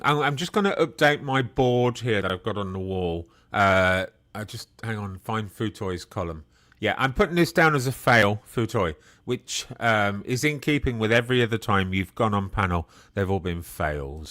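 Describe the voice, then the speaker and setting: A man explaining things in a measured way and making dry, sarcastic remarks in a live-stream panel chat. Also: on the low side, a bit bright, no echo. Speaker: panel guest.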